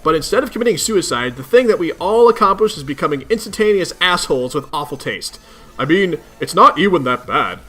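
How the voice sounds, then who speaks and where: A man voicing a cranky, foul-mouthed teenage male troll leader who rants in gruff exasperation. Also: on the high side, big pitch swings, brisk, sharp tone, exaggerated voice. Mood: exasperated. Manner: gruff, exasperated ranting with heavy swearing.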